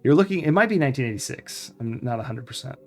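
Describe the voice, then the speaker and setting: A retro-game streamer chatting casually through a live playthrough, mid-pitched and relaxed. The streamer reads the game's text aloud and drops in offhand reactions, while faint game music plays in the background. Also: quick pace. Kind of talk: live let's-play commentary.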